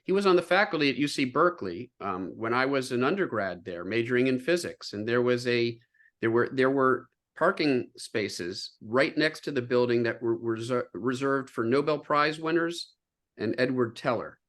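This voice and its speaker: An earnest man explains science in an interview over a video call. He talks at a middling pitch for a man and often stops on fillers and restarts while finding his words. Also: lively intonation, moderate pace, a bit bright. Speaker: guest scientist.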